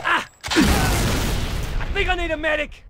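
Brash Australian soldier. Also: male voice, very high voice, flat delivery, unhurried, very noisy. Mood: pained. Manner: taunting, shouted battle calls. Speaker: soldier in a video game. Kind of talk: game character voice lines. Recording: game audio under loud gunfire.

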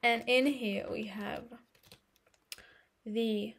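A woman in soft-spoken ASMR role-play, chatty and affectionate, rambling as she talks, recorded close to the mic. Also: medium pitch, takes it slowly. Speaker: ASMR creator.

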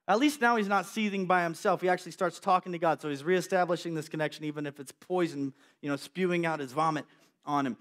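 A man preaching a sermon to young people, animated and acting out the voices in the story. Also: a little high, quick pace.

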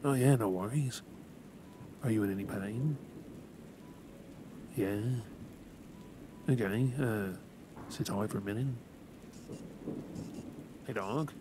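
A man with an Australian accent in a soft, whispered role-play, gently reassuring the listener with halting words. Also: lowish voice. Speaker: ASMR creator. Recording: rain and thunder noise behind. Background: steady rain and thunderstorm.

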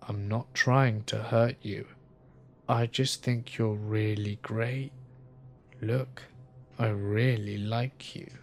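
A man voicing a pushy male stranger who whispers slowly and creepily. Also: fairly even intonation, faint music behind. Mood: creepy whispering. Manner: low slow whisper.

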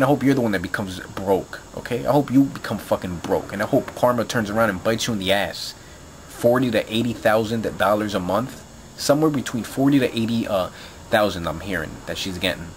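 A man's voice: lowish voice, a little fast, slight background noise. A man talking straight to his viewers in a heated, profane rant, rambling with lots of fillers and repeats. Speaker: video blogger. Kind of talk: angry profane rant to camera.

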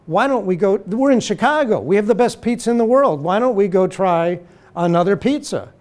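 A man voicing an exasperated adult son pleading with his father, in a raised, lively voice. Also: sits high, brisk, pitched above the performer's own voice.

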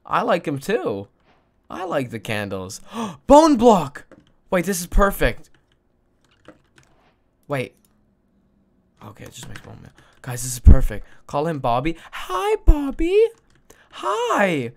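A woman streaming a video game, chatting casually with her viewers and swinging between squealing joy and mumbled asides. She coos in a high baby voice at a pet. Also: very animated, a little slow, pauses often, dark tone. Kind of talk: casual live-stream gaming commentary.

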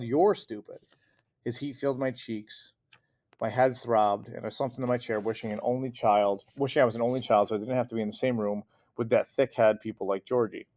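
A man narrating a children's chapter book aloud in an expressive read-aloud manner. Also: mid-range voice. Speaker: audiobook reader. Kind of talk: storybook narration.

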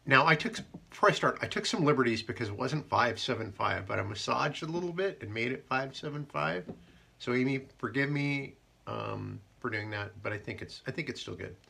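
A man hosting a live haiku show, chatting casually and joking, and reading poems slowly. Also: medium pitch, lively intonation, creaky, sharp tone, breathy edge. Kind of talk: casual live-stream chat.

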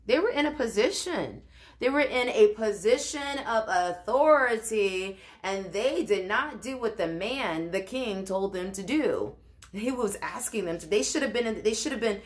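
A woman's voice: medium pitch, expressive, a little slow. A woman teaching a Bible study in an informal, conversational way, often restarting and adding asides.

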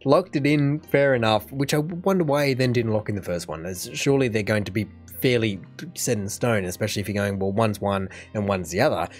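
A man's voice: medium pitch, fairly quick, faint music behind. A man with an Australian accent, hosting a reaction video and giving long, opinionated casual commentary. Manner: chatty, opinionated, talks at length.

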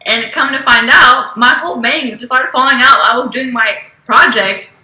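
A woman's voice: a little high, steady tone, moderate pace, pushed and bright. A woman vlogger answering fan questions in a casual Q&A, chatty and swearing freely as she tells stories. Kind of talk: casual Q&A vlog. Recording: echoey room, from an old vlog clip.

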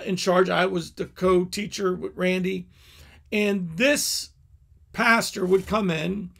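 A man's voice: high-pitched, gravelly, a bit bright. A middle-aged male pastor giving a candid teaching talk, telling personal stories with frequent asides and restarts.

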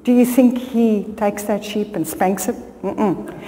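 A woman's voice: medium pitch, fairly even intonation, a little slow, mellow. Woman preaching in a hall. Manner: storytelling, rising to fervent appeals. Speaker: pastor. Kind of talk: sermon. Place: church hall. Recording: long church hall reverb.

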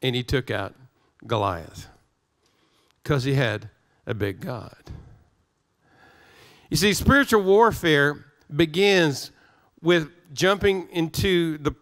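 A man's voice: a little high, slow, a bit bright. A male pastor preaching a sermon, emphatic, repeating his phrases and restarting words as he drives his points home.

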